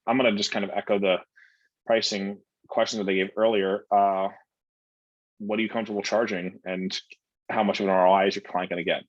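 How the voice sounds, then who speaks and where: Man, low husky voice, casual blunt coach answering questions, dry lo-fi sound. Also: little pitch movement, a little fast, no echo.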